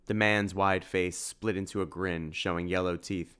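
Man narrating an audiobook in a low voice. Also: steady tone, moderate pace, hardly any pauses, a bit bright, clean tone.

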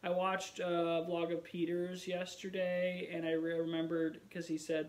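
A tired young man vlogs from home late at night in a slightly high voice, speaking unhurriedly. He's chatty and expressive in this casual talk, yawning and sighing often.

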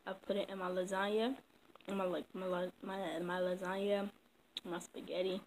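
A woman vlogger chats loosely with her viewers while eating, talking with her mouth full. Her medium-pitched voice is flat and moves at a moderate pace, and there's noise in the background.

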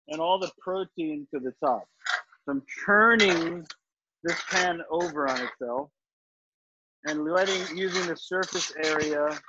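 Chatty chef teaching over a video call. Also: male voice, fairly high pitch. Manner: chatty, confident, explains each step as he cooks. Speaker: chef teaching a cooking class. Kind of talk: live online cooking demo, answering questions. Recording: slightly dull video-call audio with faint noise.

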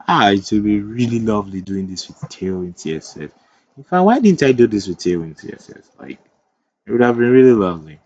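Lower-voiced man talking through code. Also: a little mellow, lo-fi sound. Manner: thinks aloud while typing, with chatty asides and self-corrections. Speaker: web development tutor. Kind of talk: screen-recorded coding tutorial.

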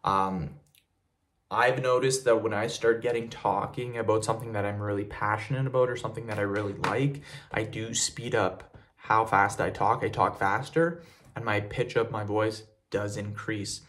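Young man, low-pitched voice, casual vlog tutorial, plain and repetitive, frequent fillers. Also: steady tone, normal speed, fairly bright tone. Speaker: fitness video creator. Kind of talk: casual tutorial talk to camera.

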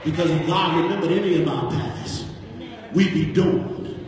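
A man's voice: fairly high pitch, normal speed, a loud crowd, heavy background noise. A man preaching a Baptist sermon in a chanted, sing-song style, catching an "uh" breath between phrases, recorded in a church sanctuary. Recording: echoey church from far off with organ.

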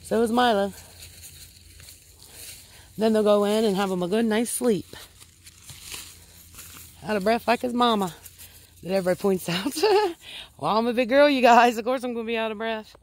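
A woman's voice: a little high, fairly even intonation, normal speed, long pauses. A woman with a Midwestern American accent chatting casually in a home vlog, a bit out of breath, talking to her pets and viewers. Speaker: vlogger. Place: home kitchen and yard.

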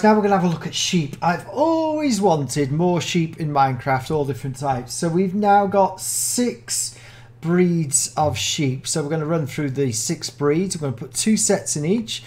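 A speaker with a British accent giving casual gameplay commentary as a Minecraft mod showcaser, gushing and excitable, full of gasps and oohs. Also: mid-range voice.

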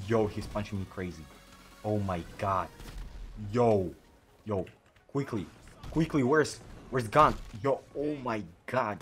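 Excitable man narrating his gameplay. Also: fairly low pitch. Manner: excitable, frequent exclamations and slang. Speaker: gaming YouTuber. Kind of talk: let's play commentary.

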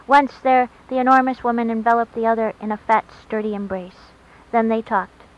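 A woman reading a short story aloud in a calm, even storytelling way, recorded on a dull lo-fi track with faint hiss. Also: a little high, moderate pace. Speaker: narrator.

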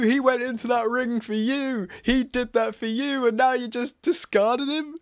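A man's voice: very high-pitched, fairly even intonation, moderate pace, few pauses, clean tone, no echo, studio quality. A man giving reaction commentary, exasperated and incredulous, often repeating himself.

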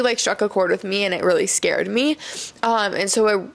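A woman's voice: medium pitch, normal speed, gravelly. A young woman from Iowa hosting a casual solo podcast, talking candidly with lots of "like" and "um", and laughing often. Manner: chatty, candid, full of fillers, laughs often. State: tearful, choked up. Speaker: podcast host.

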